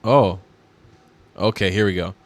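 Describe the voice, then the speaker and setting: A man's voice: deep voice, measured pace. A man giving indignant, mocking reaction commentary on video clips.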